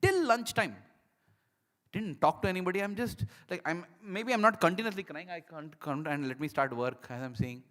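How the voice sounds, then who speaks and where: A man giving a devotional talk as a personal testimony. He tells his story in an animated, emotional way and acts out the dialogue. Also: high voice, moderate pace, big-room sound. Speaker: speaker at a devotional program.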